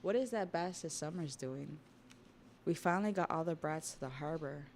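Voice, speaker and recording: Gruff annoyed soldier guy, kinda gravelly, streamer reading it. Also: mid-range voice, moderate pace, slight background noise, lightly acted.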